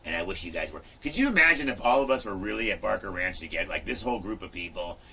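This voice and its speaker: A man in his fifties hosting a livestream, chatting casually in an animated, rambling way, often saying "look" and "you know". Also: lowish voice, quick pace, creaky, breathy edge, far from the mic, low-quality recording. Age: 50s. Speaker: livestream host.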